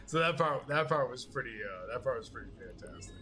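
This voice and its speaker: A man's voice: medium pitch, fairly quick, pauses often, a bit bright. A man hosting a casual chat, rambling and swearing, often laughing and acting out what people said. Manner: rambling, profane, laughs a lot, acts out quotes. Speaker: podcast host.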